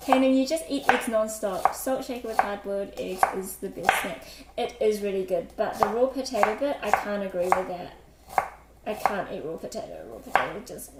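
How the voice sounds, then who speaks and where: A woman's voice: medium pitch, lively intonation, normal speed, heavy background noise. A woman hosting a casual cooking livestream, chatty and giggly, full of fillers, reading out chat while she preps food. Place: home kitchen. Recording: echoey kitchen with loud clatter. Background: kitchen clatter, chopping and dishes.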